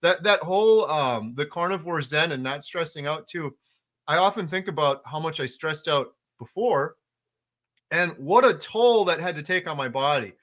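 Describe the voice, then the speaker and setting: A man hosting a relaxed interview podcast, his voice bright and forward and pitched a bit high for a man. He talks with eager emphasis, stacking repeated words and casual fillers. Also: normal speed. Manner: enthusiastic, repetitive emphasis, frequent fillers. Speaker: podcast host.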